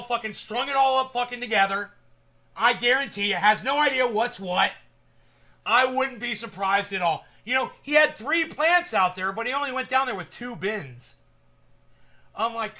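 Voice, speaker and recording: Man, casual rambling vlog host, bright edgy voice, slightly high, loud then mumbled, faint room hiss. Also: animated, normal speed. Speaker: cannabis vlogger. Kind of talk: casual stoned chat to viewers.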